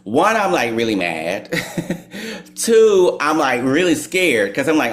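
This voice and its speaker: A man, a psychologist and author, telling a story in conversation, animated, laughing often and peppering his talk with "like" and "right?". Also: mid-range voice, a little slow. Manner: animated storyteller who laughs and acts out quotes; filler-heavy with "like" and "right?".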